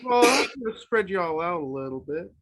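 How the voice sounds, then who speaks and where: A man's voice: sits high, expressive, fairly quick, a bit bright. A man, the show's stage director and musician, joking casually over a video call.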